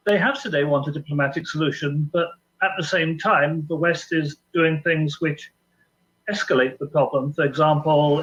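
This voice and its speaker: A man answering questions in a news interview, slow and hesitant, with many pauses and ums. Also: fairly high pitch, a bit bright. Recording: dull lo-fi broadcast clip.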